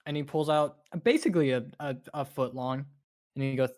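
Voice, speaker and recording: A woman's voice: rumbling low, fairly quick, a little mellow. A woman narrating a tabletop game as game master in a casual, matter-of-fact way.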